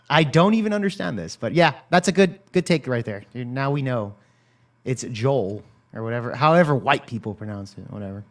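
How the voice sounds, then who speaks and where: A man's voice: medium pitch, lively intonation, moderate pace. A man from South Texas hosting a casual reaction stream, joking with chat, swearing and laughing often. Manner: profane, joking, laughs a lot. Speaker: stream host.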